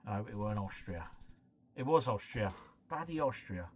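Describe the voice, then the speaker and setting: A man's voice: fairly low pitch, animated, moderate pace, very noisy. A man thinking aloud on a live stream, muttering to himself and then breaking into exclamations. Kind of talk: live-stream commentary while playing a geography guessing game. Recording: slightly muffled, faint background music.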